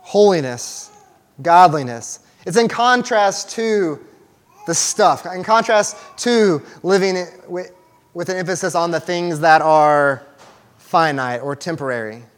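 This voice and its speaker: A man's voice: sits high, slow. A young man giving a casual, conversational sermon to a small church group, with restarts and fillers as he talks to the room. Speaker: church teacher.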